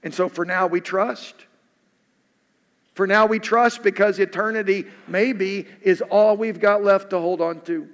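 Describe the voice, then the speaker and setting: A man's voice: high voice, steady tone, a little slow, a bit bright. A male pastor preaching a sermon in an earnest way, repeating questions for emphasis. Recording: echoey hall.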